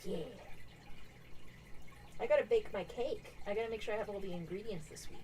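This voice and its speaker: A young woman co-hosting a casual crochet stream, telling lively stories and acting out what people said. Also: mid-range voice, brisk, slight background noise, rough recording. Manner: animated storyteller, acts out quotes. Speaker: stream co-host.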